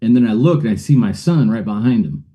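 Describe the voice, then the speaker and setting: A man's voice: on the low side, expressive, fast talker, warm tone. A middle-aged man, a guest on a show, telling a personal story in a rambling way, with many fillers and uneasy laughs.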